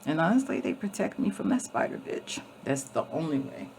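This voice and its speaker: Woman vlogger, casual storytelling, gravelly voice, profane and emphatic, restarts a lot. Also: deep voice, sing-song, brisk, a little mellow, a little hiss or hum. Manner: repeats and restarts often.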